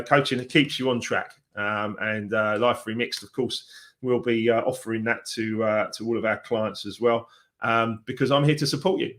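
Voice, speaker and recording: A man's voice: medium pitch, fairly bright tone. A man, a success coach giving an encouraging, chatty motivational talk on a live stream, with frequent fillers.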